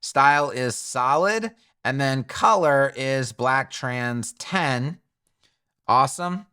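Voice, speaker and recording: A man's voice: medium pitch, animated, takes it slowly, sharp tone, smooth. A man teaching web design in a screen-recorded tutorial, thinking aloud in a chatty way and correcting himself as he goes.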